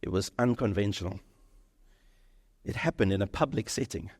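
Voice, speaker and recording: A male pastor preaching a sermon, animated, acting out the lines of the people in his story. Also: lowish voice, normal speed. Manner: animated, acts out dialogue in quoted voices. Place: church sanctuary. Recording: reverberant church hall.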